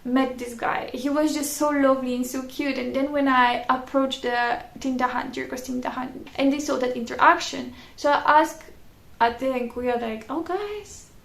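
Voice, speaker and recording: Brief: young woman vlogger, high gravelly voice, chatty storyteller, echoey room. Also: level tone, normal speed, fairly bright tone. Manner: chatty, laughing often, frequent "like" fillers. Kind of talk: casual storytelling.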